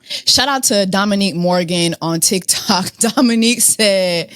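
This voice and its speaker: A woman hosting a podcast, talking through celebrity news in an animated, blunt, profane way. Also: mid-range voice, unhurried, dry recording, studio quality. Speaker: podcast host. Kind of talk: casual celebrity news chat.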